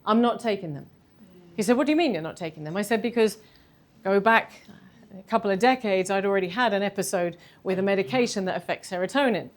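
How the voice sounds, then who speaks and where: A woman, telling a candid personal story in a talk, animated and self-deprecating. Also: mid-range voice, fast. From London. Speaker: speaker giving a talk.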